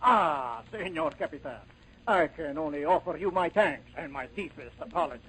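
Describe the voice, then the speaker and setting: A man's voice: fairly high pitch, expressive, moderate pace, a bit bright, slight background noise, poor audio. An actor playing a vain, pompous male Spanish island governor in 1930s radio acting, with a put-on Spanish accent and grandiose, fussy delivery. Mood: gracious. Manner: grandiose, fussy, self-important.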